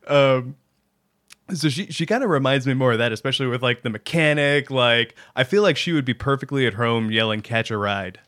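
A baritone man co-hosting a podcast in casual chat, rambling and hedging, and laughing often. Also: brisk, a bit bright. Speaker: podcast co-host.

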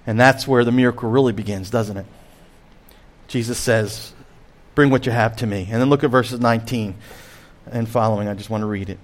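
A middle-aged man, a pastor, preaching a sermon with emphatic rises and hushed drops. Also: mid-range voice, brisk. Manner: expressive, swings between emphatic and hushed.

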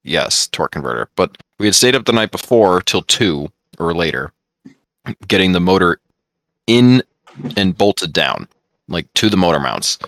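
A man, co-hosting a podcast and telling stories in casual chat, excitable and swearing freely. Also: low-pitched, moderate pace, no echo. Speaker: podcast co-host.

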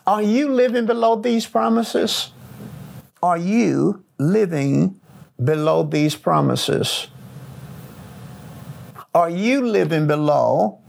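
Slow, gravelly-voiced preaching pastor. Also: male voice, on the high side. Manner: slow, repetitive preaching with emphatic phrasing. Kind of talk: sermon.

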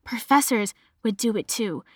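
A woman's voice: a little high, lively intonation, moderate pace, breathy edge, no room sound, clean studio sound. A young adult woman with a Boston accent, chatting casually as a podcast host and filling her talk with "like". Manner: chatty, heavy use of "like" fillers. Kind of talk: casual chat monologue.

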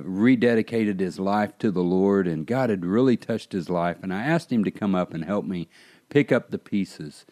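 Pastor guy preaching on a podcast, lowish mellow voice, earnest and building up. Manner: earnest preaching, rising in fervor. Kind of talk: podcast sermon.

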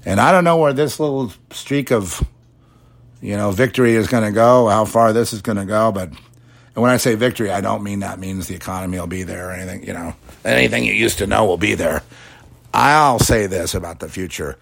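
A middle-aged man delivers a preachy monologue in a low, gravelly voice with a husky edge. His pitch swings widely as he rails and then mimics the people he argues against. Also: fairly quick. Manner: preachy, mocks imagined opponents in quoted voices. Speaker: podcast host. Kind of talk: religious commentary monologue.

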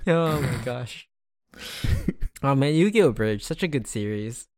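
A man's voice: mid-range voice, animated, measured pace, a little mellow. A man co-hosting a podcast, teasing his friends and laughing often in casual banter. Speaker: podcast co-host.

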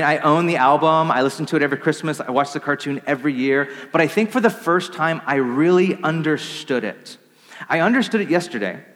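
A male pastor giving a sermon, telling a story in an earnest, reflective way that drops softly at the emotional moments. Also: medium pitch, in a large hall.

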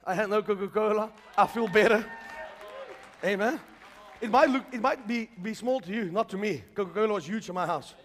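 High-voiced preacher, shouting. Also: male voice, a little fast, a faint crowd. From South Africa. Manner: builds from quiet storytelling to shouted declarations. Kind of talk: charismatic sermon. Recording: long hall reverb.

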